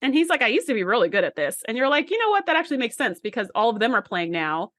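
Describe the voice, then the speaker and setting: A woman's voice: on the high side, big pitch swings, a bit bright, no room sound, studio quality. A woman co-hosting a podcast in casual chat, retelling scenes and acting out the lines. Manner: chatty, acts out character lines in quick retellings. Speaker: podcast co-host.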